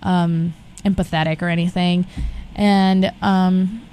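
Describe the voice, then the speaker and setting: A young woman from Brazil, talking as a guest in a casual chat, restarting sentences and filling pauses with "like" and "um". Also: lowish voice, flat delivery, mellow, clean tone. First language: Portuguese. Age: young adult. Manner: chatty, restarts often with many fillers.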